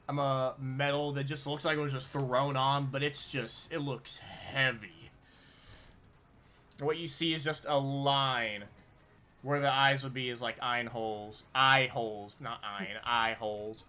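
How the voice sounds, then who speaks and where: Bright-voiced man describing his tabletop character. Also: on the high side. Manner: halting, with many restarts and fillers. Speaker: player.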